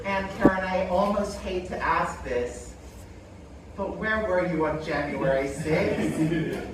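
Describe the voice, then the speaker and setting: A woman ventriloquist playing the calm, mock-earnest straight man to her puppet, in an unhurried, measured delivery. She is heard from a distance in a very echoey hall, with loud audience and room noise all around. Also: lowish voice. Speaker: ventriloquist comedian. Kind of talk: live stand-up ventriloquism. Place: live comedy stage.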